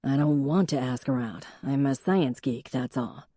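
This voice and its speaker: A woman's voice: a bass voice, unhurried, warm tone, no room sound. A woman voicing a teasing young man who loves wine, in an audiobook. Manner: dry, teasing.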